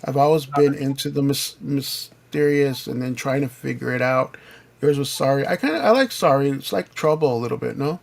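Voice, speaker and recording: A man's voice: medium pitch, a little fast, vocal fry. A man hosting a casual gaming chat, joking and putting questions to his co-hosts. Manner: joking, asks the others questions. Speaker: host.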